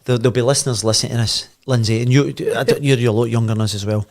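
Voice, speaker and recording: A man's voice: medium pitch, racing. A Glaswegian man in his fifties, guesting on a podcast, tells a long boisterous anecdote. He laughs through his own punchlines and swears freely, with a chatty storyteller's flow. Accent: Scottish, Glasgow. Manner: animated, laughs and swears freely while telling. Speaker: podcast guest, former footballer.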